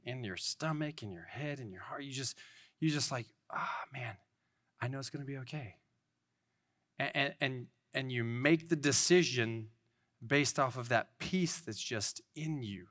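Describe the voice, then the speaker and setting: A man in his thirties delivers an informal sermon in a loose, chatty style. His mid-range voice is bright and clear, and he speaks earnestly but rambles, often restarting his sentences.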